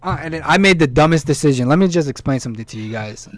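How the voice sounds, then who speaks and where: A young man co-hosting a podcast, telling a story in relaxed slang and laughing often. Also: on the high side, fast. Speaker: podcast co-host. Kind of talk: casual chat, storytelling.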